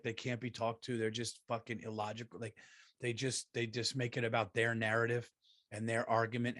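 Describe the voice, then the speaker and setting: A middle-aged man, hosting a comedy podcast and ranting profanely, swinging from loud outbursts to low mutters. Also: no room sound, studio quality.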